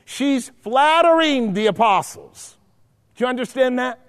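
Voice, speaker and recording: A man's voice: extremely high pitch, expressive, a little slow, big-room sound. A man teaching a Bible study in preaching style, emphatic, repeating his points and checking in with his listeners.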